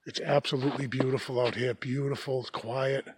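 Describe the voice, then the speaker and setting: A man's voice: mid-range voice, flat delivery, a little fast, breathy edge, no room sound. A man with a Boston accent, chatting casually and joking while hiking in a snowy forest, a little winded from the climb. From New England. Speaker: hiking vlogger. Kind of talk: casual walk-and-talk vlog.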